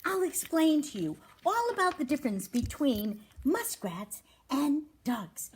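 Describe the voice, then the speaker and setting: Cork, a woman playing a squeaky eager muskrat. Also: sing-song, unhurried, a little hiss or hum. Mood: delighted. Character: excitable young male muskrat, friendly and eager. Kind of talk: reading a children's storybook aloud.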